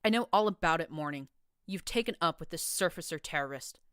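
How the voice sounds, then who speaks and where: A woman's voice: deep voice, animated, fairly quick, fairly bright tone, clear, resonant tone, no echo, clean studio sound. A woman reading a furious, proud pegasus mare soldier in an audiobook, with a harsh, accusing manner. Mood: scornful.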